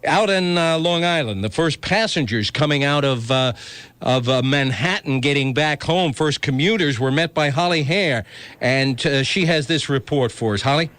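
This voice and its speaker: A man's voice: on the high side, normal speed, fairly bright tone, clear, resonant tone, no echo. A man anchoring live radio news in a conversational way, with some fillers as he hands over to a reporter.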